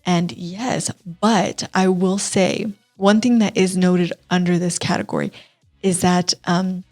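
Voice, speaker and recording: A woman's voice: on the low side, flat delivery, takes it slowly, a little mellow, soft background music. A woman from Texas hosting an entertainment web segment, talking casually and chattily with easy laughs and self-deprecating asides. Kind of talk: casual web show chat.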